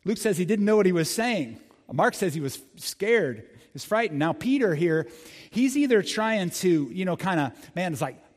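Animated, conversational preacher. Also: male voice, high voice, normal speed, big-room sound. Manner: animated, conversational, addresses the congregation. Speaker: pastor. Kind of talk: sermon.

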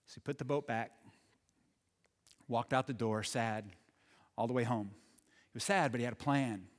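A man telling a story in a halting way, repeating words and moving from excited to hushed. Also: medium pitch, long reverb tail. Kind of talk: told story.

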